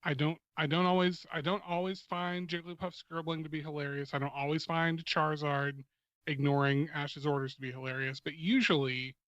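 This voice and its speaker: A man with a slightly high voice speaks as a podcast guest, halting with frequent restarts and an amused tone. His audio is a touch dull, with a dry, close sound. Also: little pitch movement, fairly bright tone, dry recording. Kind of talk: casual podcast chat.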